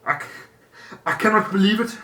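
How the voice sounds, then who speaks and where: A man's voice: sits high, fairly quick, bright, forceful tone, reverberant, distant mic, pitched above the performer's own voice. Man putting on a whiny Scottish young guy. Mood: aggrieved.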